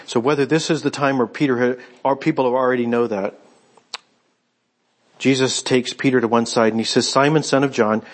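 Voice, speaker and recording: Husky-voiced male pastor preaching. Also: medium pitch. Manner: conversational storytelling, retelling scripture with quoted voices. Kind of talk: sermon.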